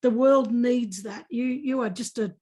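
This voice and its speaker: Gushing high-voiced Australian woman host. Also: unhurried, mellow. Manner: gushing, repeats herself, talks over guest. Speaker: podcast host. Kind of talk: effusive podcast interview over video call. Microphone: video call.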